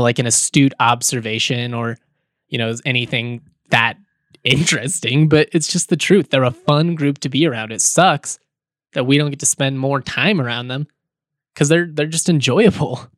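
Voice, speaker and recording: A man hosting a sports podcast, talking in a relaxed, chatty way with fillers and small chuckles. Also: mid-range voice, no echo, clean studio sound. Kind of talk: casual podcast talk and read ad.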